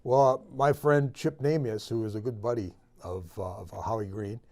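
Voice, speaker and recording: A man who is a guest sportscaster, telling an anecdote in relaxed, casual talk and stopping now and then to correct himself. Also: fairly low pitch, normal speed.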